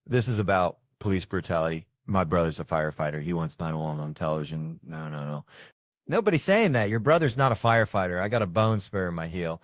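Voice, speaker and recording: A man's voice: on the low side, dry recording. A middle-aged man doing a stand-up comedy set, telling brash, profane family stories and acting out the quotes.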